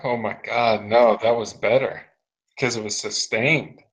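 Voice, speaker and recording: A man's voice: mid-range voice, fairly even intonation, a little slow, a bit bright, rough recording. Amused man chatting with friends. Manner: laughing, amused. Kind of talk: casual group chat.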